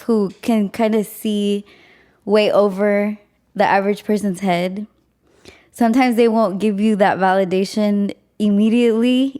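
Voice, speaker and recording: Podcast host lady, warm mellow tone, reflective casual chat. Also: medium pitch. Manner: reflective, affirming with "mm" and "you know".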